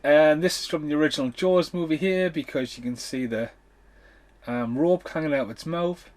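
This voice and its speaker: A man's voice: a little high, moderate pace, darkish tone. A man hosting a movie commentary podcast, talking over the film in a blunt, sweary, casual way. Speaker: podcast host.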